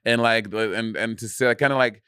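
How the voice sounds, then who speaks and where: A man's voice: on the low side, steady tone, brisk, sharp tone, smooth, dry recording, clean studio sound. Chatty man swearing casually on podcast. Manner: loose, swears freely, chatty. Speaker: podcast co-host. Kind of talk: casual chat.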